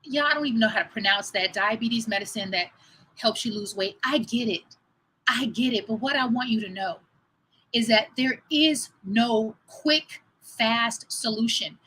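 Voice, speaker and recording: A woman in her fifties, a fitness trainer hosting a livestream, telling a story in a chatty, animated way and talking straight to her viewers. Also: a little high, moderate pace, a little hiss or hum, low-quality recording.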